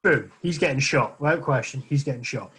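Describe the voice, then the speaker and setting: A man co-hosting a casual podcast, quick and emphatic in his talk. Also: mid-range voice, expressive, a bit bright, slightly rough. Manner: quick, emphatic, laughs often. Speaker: podcast co-host. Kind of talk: casual banter.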